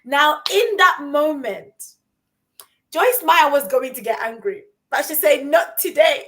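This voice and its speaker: A woman co-hosting a conversation, telling a story in an animated way and asking rhetorical questions. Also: high-pitched, slow pace. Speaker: co-host.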